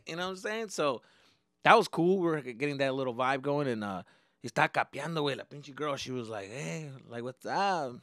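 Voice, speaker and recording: A man's voice: medium pitch, no echo, studio quality. A young man from Arizona hosting a podcast, telling a story in a loose, slangy, profane way and acting out what people said. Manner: animated, slangy and profane, acts out quoted dialogue. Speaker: podcast host. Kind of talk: casual storytelling.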